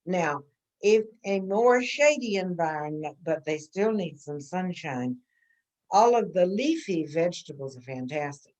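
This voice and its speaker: A woman's voice: fairly low pitch, lively intonation, a little slow, a little mellow, dull audio. A woman teaching an informal gardening class, chatty and answering questions, often checking in with "okay?".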